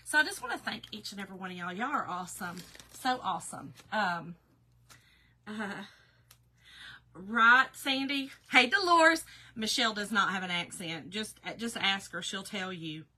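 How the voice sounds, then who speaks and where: A woman's voice: medium pitch, lively intonation, moderate pace, pushed and bright. A woman with a Southern US accent chatting casually with viewers during a live crafting video, folksy and talkative. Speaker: craft business owner hosting a live video.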